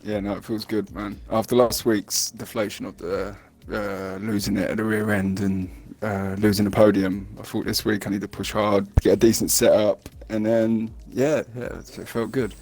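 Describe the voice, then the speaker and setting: Low, flat-voiced race winner. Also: male voice, moderate pace, hardly any pauses. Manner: rambling, plain and pleased. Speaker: race winner being interviewed.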